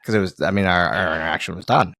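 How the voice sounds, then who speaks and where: A man's voice: low voice, fast talker, vocal fry, bright, forceful tone, dry recording, clean studio sound. A man hosting a podcast in casual chat, telling self-mocking stories and laughing often. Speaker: podcast host.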